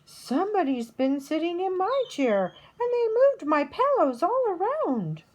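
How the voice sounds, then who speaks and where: A woman's voice: very high voice, sing-song, a little slow, darkish tone, voice pushed up, heavily acted. A woman voicing a fussy, surprised mother bear who talks in raised exclamations. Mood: indignant.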